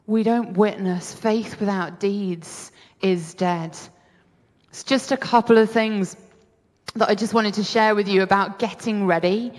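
A British woman delivers a sermon in an earnest, conversational tone, circling back and restarting her phrases as she goes. Her voice sits at an ordinary middle pitch for a woman. It carries a long reverb, as if spoken in a large hall. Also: fairly even intonation, unhurried. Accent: British English. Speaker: preacher.

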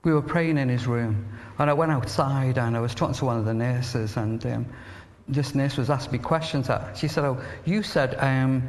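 A man preaching a sermon, earnest and emphatic, telling stories and dropping to a hush at tender moments. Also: medium pitch, normal speed, hardly any pauses. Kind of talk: sermon with storytelling. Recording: reverberant hall.

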